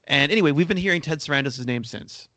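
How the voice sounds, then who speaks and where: A podcast co-host rambles through a casual discussion in a fairly high, lively voice, talking quickly with a pushed, bright quality. He repeats words as he starts sentences and coughs now and then, all captured on a dry podcast mic with no echo.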